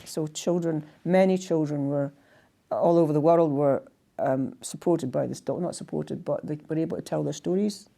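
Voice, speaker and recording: Soft-spoken older Scottish woman storyteller. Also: low-pitched, creaky. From Scotland. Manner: soft-spoken, halting, often trailing to a hush. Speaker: storyteller and singer. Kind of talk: gentle fireside storytelling. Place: indoors in a house by a fireside.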